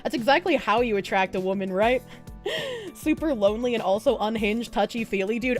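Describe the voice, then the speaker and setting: A woman streamer telling a story in a casual, animated way, swearing, laughing and mocking the people she quotes. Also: a little high, normal speed, faint music behind.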